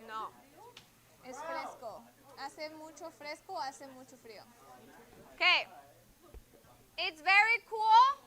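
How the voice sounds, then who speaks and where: A woman's voice: high voice, animated, slow, pauses often, pushed and bright. A woman teaching a Spanish class in a school classroom, drilling students on phrases and patiently correcting their answers.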